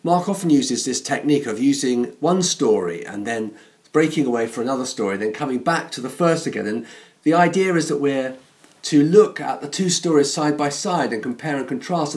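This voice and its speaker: A man's voice: medium pitch, fairly quick, a little mellow. A man, a parish priest, giving a chatty, self-deprecating sermon in a church.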